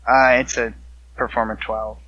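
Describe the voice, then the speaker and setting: A man's voice: medium pitch, flat delivery, normal speed, bright, forceful tone. A man playing a tabletop game over voice chat, hesitant with many fillers, on a dull lo-fi line. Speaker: player. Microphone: online voice chat mic.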